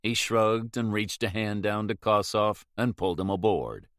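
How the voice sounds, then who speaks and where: A man narrating an audiobook in a steady, measured reading. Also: fairly low pitch, clear, resonant tone, dry recording, studio quality. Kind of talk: scripted narration.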